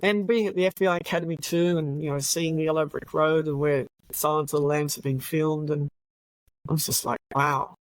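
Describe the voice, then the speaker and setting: A woman's voice: low-pitched, steady tone, brisk, dry recording, poor audio. Brief Chatty retired Australian policewoman, dry sound. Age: older. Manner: chatty, laughs often, many fillers. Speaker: retired police officer, guest. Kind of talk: casual anecdote telling.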